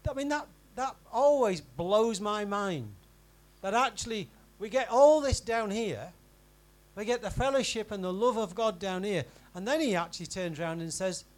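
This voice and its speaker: A man preaching a sermon in a church, in a conversational style that swings from emphatic to quiet and intimate. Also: high voice, lively intonation, moderate pace, rough recording. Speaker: pastor.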